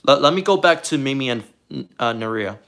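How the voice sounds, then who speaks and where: A man from Puerto Rico talking casually on a live stream, rambling and halting, often repeating words as he restarts sentences. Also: medium pitch, animated, fairly bright tone. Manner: defensive, earnest.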